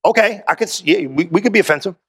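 A man's voice: sits high, lively intonation, fast talker, fairly bright tone. A man preaching a sermon as pastor in a casual, slangy style, often asking the crowd questions and answering himself.

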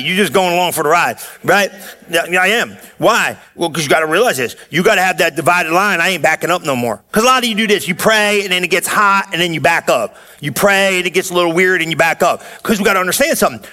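High bright preaching man. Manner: energetic call-and-response preaching, frequent rhetorical questions. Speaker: pastor. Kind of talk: sermon.

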